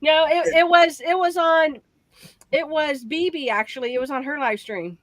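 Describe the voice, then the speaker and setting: A woman's voice: high-pitched, normal speed, dry recording. A woman co-hosting a casual live stream chat, laughing often between remarks. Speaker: co-host.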